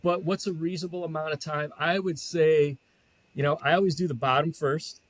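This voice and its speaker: A man in his forties, a podcast guest, talking casually with many pauses and self-deprecating hedges. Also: fairly high pitch, fairly even intonation. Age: 40s. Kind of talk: casual interview chat.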